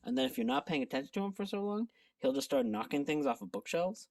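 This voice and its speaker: A woman's voice: mid-range voice, very animated, fast talker, vocal fry, darkish tone, distant mic. A woman chatting casually in a home vlog, rambling and poking fun at herself. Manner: chatty, self-deprecating, rambling. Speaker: book vlogger. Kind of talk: casual chat.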